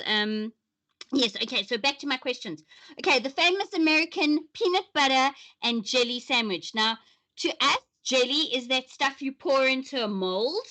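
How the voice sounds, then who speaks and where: South African woman, livestream host, chatty, bright tone, slightly high voice. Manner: chatty, laughs often. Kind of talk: casual livestream chat. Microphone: webcam close to the face.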